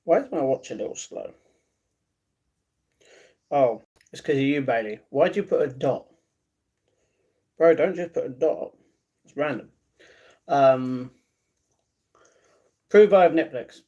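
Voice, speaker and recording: A man's voice: mid-range voice, expressive, takes it slowly, long pauses, dark tone, lo-fi sound. A man in his twenties casually chatting on a live stream, reading viewers' comments aloud and restarting his sentences often. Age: 20s. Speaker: livestreaming vlogger.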